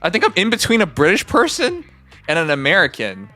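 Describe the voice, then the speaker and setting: Lively bright-voiced Canadian streamer. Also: medium pitch, a little fast, soft background music. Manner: animated, mock-indignant, swears freely. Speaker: livestreamer. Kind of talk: casual live-stream chat.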